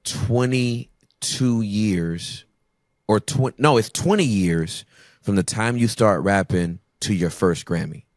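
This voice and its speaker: A man's voice: fairly low pitch, slow, no room sound, clean studio sound. A man guesting on a podcast, talking in a playful, emphatic way in casual conversation. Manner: playful, emphatic talker who acts out voices.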